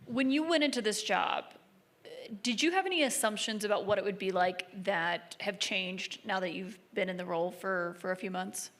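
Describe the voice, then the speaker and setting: A woman's voice: medium pitch, normal speed, fairly bright tone. A woman moderating an onstage panel interview, asking questions in a playful, teasing way.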